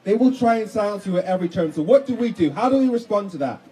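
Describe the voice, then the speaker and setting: A man's voice: sits high, animated, fast, mellow, rough recording. A man giving an indignant, fiery rally speech full of rhetorical questions at an outdoor street protest. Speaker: protest speaker.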